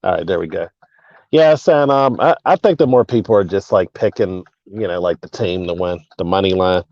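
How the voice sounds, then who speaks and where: A man's voice: deep voice, normal speed, darkish tone, highs cut off. A man talking sports as a co-host over a remote call, laid-back and thinking aloud. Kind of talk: casual sports talk.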